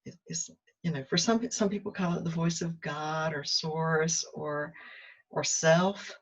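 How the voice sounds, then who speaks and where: In an unhurried, somewhat low and husky voice, a spiritual self-help host chats candidly through a casual reflective monologue, poking fun at herself. She slips between confiding asides and little acted-out exchanges with her own inner voice. The recording sounds muffled and lo-fi.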